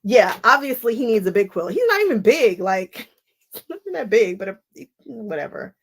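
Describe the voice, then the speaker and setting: A woman's voice: fairly high pitch, sing-song, normal speed, slight background noise. A woman hosting a quilting live stream, chatting casually and laughing often as she wanders off on tangents while cutting fabric at home. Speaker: quilting channel host. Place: home sewing space.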